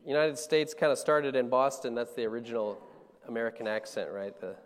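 A man's voice: medium pitch, steady tone, a little fast, big-room sound. A man from Colorado, a pastor teaching a sermon in a casual, conversational way. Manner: casual, conversational, with frequent fillers and restarts.

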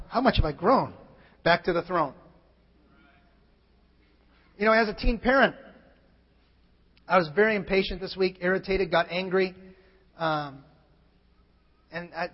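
A very high-voiced man preaches a sermon, reading scripture and then sharing quiet, candid confessions. His voice rings through a large hall with a long tail of reverb, and the sound comes across muffled. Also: moderate pace, pauses often, breathy edge. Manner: swings from shouted scripture to quiet personal confession. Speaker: pastor. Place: church sanctuary.

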